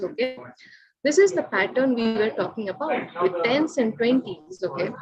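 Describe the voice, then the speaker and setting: A woman teaching a Spanish class, explaining a rule and often asking the students whether it is clear and urging them to raise their hands. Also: a little high, low-quality recording. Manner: repeatedly checks understanding, coaxing students to raise hands. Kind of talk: online class lecture. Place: classroom or online class session.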